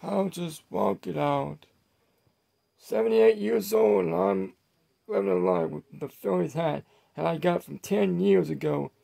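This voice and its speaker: A man voicing an easygoing 78-year-old man who rambles, with a gravelly, husky voice. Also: high-pitched, unhurried, mellow, heavily acted. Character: chatty 78-year-old man in a baseball cap.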